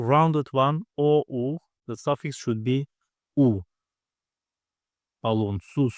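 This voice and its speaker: A man's voice: medium pitch, no room sound, studio quality. A man teaching a grammar lesson, patiently explaining step by step and sounding out each vowel himself. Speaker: language teacher. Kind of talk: slow spoken grammar lesson.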